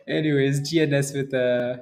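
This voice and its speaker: A man hosting a day-trading livestream, chatting casually with viewers between market remarks, relaxed, with frequent fillers and chuckles. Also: mid-range voice, unhurried. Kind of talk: casual livestream chat reading viewer comments.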